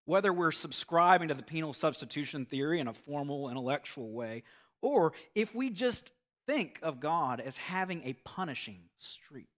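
A man preaching a sermon, telling an illustrative story in an earnest, measured way. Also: fairly high pitch, lively intonation, fairly bright tone. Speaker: pastor.

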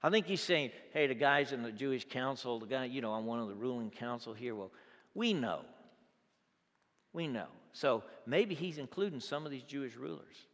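A man preaching, his voice carrying through a large hall with a long reverb tail. He swings from loud, exclamatory peaks down to quiet, conversational asides. His pitch sits in an ordinary middle range. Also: lively intonation, a little fast, hardly any pauses. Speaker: pastor. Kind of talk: sermon.

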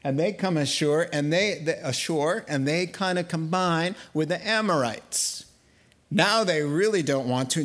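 Guy preaching a sermon, goofs around with the story, kinda high voice. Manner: animated, playful storytelling with acted-out voices. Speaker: pastor.

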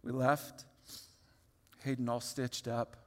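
A man in his thirties preaching a sermon, telling a personal story in a lively, open way with many restarts. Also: medium pitch, slow. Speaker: pastor. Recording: long hall reverb.

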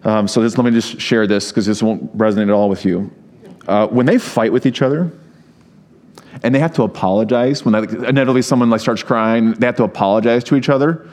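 A man's voice: lowish voice, a little fast, darkish tone. A man preaching a sermon in a conversational way, reading scripture and adding humorous asides. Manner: reads scripture aloud. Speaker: pastor.

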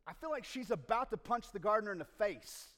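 A man preaching a sermon as pastor, swinging from loud, passionate rises to hushed near-whispers. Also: high voice, animated, fairly quick. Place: church sanctuary. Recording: long reverb of a large room.

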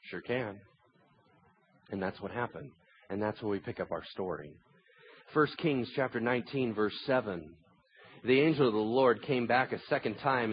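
A man preaching a sermon as pastor, telling stories and swinging between hushed tones and loud, emphatic points. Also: medium pitch, breathy edge, highs cut off.

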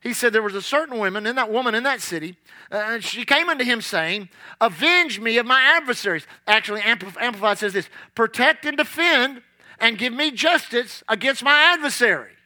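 A man's voice: very high-pitched, lively intonation, fairly quick, sharp tone. A man preaching a sermon, emphatic and storytelling, repeating his key lines.

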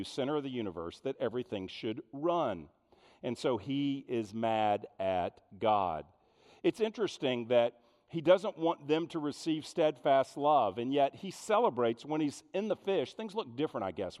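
A man preaching a sermon in an animated way, full of rhetorical questions. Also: medium pitch, moderate pace, in a large hall. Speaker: pastor.

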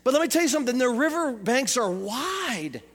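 A man's voice: extremely high pitch, big pitch swings, moderate pace, fairly bright tone, in a large hall. A male pastor preaching a sermon in a church, asking rhetorical questions and repeating phrases for emphasis.

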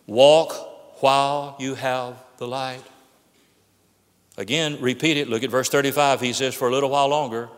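A man's voice: medium pitch, big-room sound. A man preaching a sermon, reading scripture aloud and earnestly explaining it to the congregation. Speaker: pastor.

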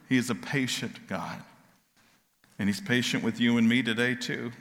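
A man preaching a sermon, dropping to quiet asides and rising to loud, impassioned questions. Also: mid-range voice, creaky, big-room sound. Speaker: pastor.

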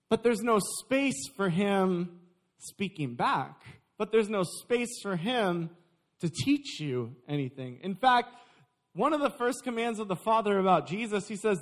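Young guy pastor preaching, high voice, lively and jokey with the crowd. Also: moderate pace. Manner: lively, joking with the congregation. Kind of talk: sermon.

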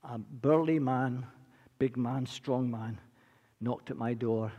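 A man in his sixties preaching a sermon, earnest and repetitive, rising from quiet to impassioned. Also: mid-range voice, slow, lo-fi sound. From Britain. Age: 60s. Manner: earnest, building from quiet to impassioned, repeats phrases. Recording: long reverb of a large hall.

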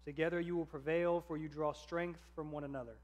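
A man voicing a grieving, merciful old king who speaks slowly, solemnly and tenderly. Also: a little high, fairly even intonation, darkish tone, natural voice.

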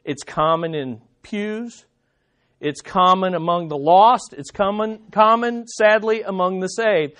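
A man's voice: sits high, takes it slowly, fairly bright tone. A male preacher delivering a sermon, emphatic and driving home his points with repeated rhetorical questions.

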